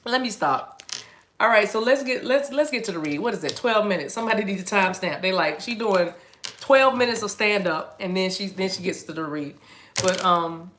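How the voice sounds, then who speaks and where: A woman's voice: mid-range voice, lively intonation, moderate pace, fairly bright tone, slight background noise. A woman giving a casual, rambling tarot reading to camera, chatty and playful, often restarting her sentences. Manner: chatty and playful, jumps into silly voices and laughs. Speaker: tarot reader.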